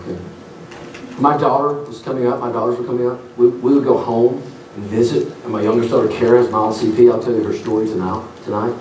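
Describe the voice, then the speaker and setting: A man's voice: medium pitch, steady tone, fast, a little mellow, a little hiss or hum. A middle-aged man preaching a revival sermon in a folksy storytelling way. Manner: folksy storytelling, acts out voices. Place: church sanctuary. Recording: roomy church hall from a distant mic.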